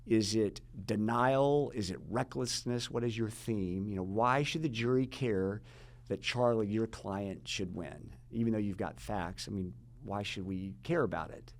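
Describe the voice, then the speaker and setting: Middle-aged male consultant, lowish voice, methodical explainer. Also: a little slow. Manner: methodical, rhetorical questions. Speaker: guest, jury consultant. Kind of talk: explanatory interview talk.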